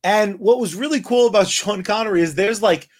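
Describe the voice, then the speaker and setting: A man with a notably high voice chats loosely on a podcast, crude and quick to laugh. He talks over a remote call. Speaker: podcast co-host. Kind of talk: casual chat. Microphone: remote call mic.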